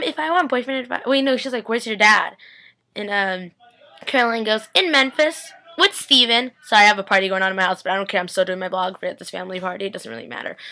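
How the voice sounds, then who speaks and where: Bubbly young woman rambling in a vlog. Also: medium pitch. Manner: rambling and excitable, many fillers. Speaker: vlogger recapping a TV episode. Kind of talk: casual chatty recap vlog. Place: home during a family party.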